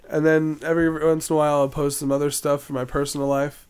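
A man trading jokes in a casual podcast chat, often breaking into laughter. His voice sits a little high for a man. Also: flat delivery, moderate pace, a little mellow, clear, resonant tone. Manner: giggly, joking, laughs often.

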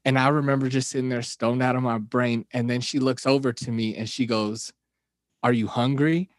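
A man's voice: medium pitch, steady tone, normal speed, no room sound, clean studio sound. A young man co-hosting a podcast, telling a long story in loose casual chat with many restarts and laughs. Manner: rambling, laughing, frequent restarts. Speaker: podcast co-host.

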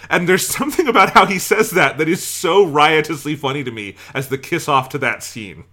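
A man co-hosting a film podcast, talking in an animated, profane way with frequent restarts. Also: fairly high pitch, brisk. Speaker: podcast co-host. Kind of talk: casual film discussion.

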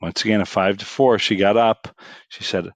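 A middle-aged man telling a personal story in a casual, animated way, his voice rising for the punchlines. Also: on the low side, normal speed, no room sound.

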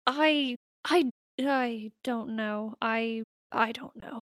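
A woman's voice: a little high, drawn-out words, fairly bright tone, no echo, studio quality. A woman playing in a tabletop game, dramatic and exasperated in her reactions. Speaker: player. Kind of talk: tabletop role-play.

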